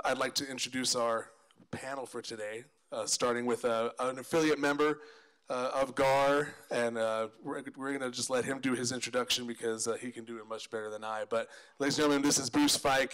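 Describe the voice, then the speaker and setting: Man announcing a class, brisk tone. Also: medium pitch, fairly even intonation, a bit bright, low-quality recording. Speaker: event emcee. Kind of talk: event announcements.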